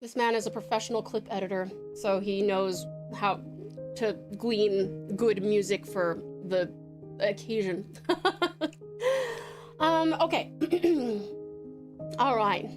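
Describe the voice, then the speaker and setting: A woman's voice: medium pitch, takes it slowly. A woman from Tasmania, a streamer chatting casually with viewers and reading stories aloud. She is giggly, playful and swears casually. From Tasmania, Australia. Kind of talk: casual live-stream chat and story reading. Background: soft piano music.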